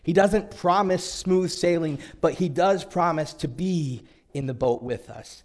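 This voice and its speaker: A man preaching a sermon, reading scripture aloud in an earnest way with dramatic pauses. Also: fairly high pitch, a little mellow.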